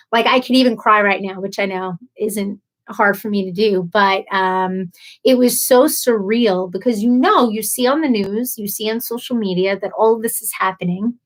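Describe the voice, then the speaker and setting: A woman hosting a casual live stream, reading viewer comments aloud, chatty and emotional, laughing often and stumbling over names. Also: medium pitch.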